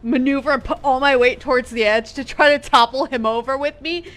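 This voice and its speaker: High bright-voiced woman player. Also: steady tone, a little fast. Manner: hesitant, thinking aloud with many fillers. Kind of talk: tabletop game play.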